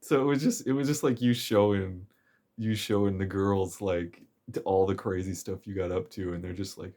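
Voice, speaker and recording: A man's voice: low-pitched, fairly even intonation, normal speed, dark tone. A man casually recapping a game's story chapter, rambling and chuckling with plenty of fillers. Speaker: game story commentator.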